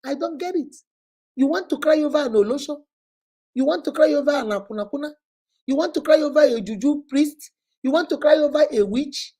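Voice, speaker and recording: High-voiced Nigerian woman lecturing emphatically. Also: brisk, mellow. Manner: emphatic, repetitive, rhetorical questions; scolding, preachy. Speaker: vlogger host. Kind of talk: impassioned commentary to camera.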